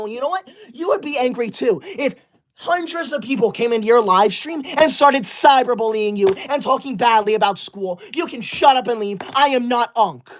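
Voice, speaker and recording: A man doing a comedic livestream skit, reading super chats aloud, sternly praising good students and snapping at rude viewers to get out. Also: very high-pitched. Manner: indignant, bossy, snaps at viewers and bans them.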